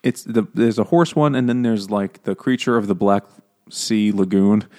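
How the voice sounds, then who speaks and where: A man's voice: on the low side, normal speed, dark tone. A man co-hosting a casual comedic book chat, joking, laughing often and acting out characters' lines. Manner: jokey, laughs often, acts out quotes. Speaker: podcast co-host.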